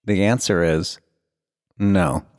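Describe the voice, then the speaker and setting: A middle-aged man in casual chat, telling animated stories and swearing freely. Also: low voice, slow pace, dry recording, clean studio sound. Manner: animated storyteller, swears, acts out dialogue. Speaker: podcast co-host.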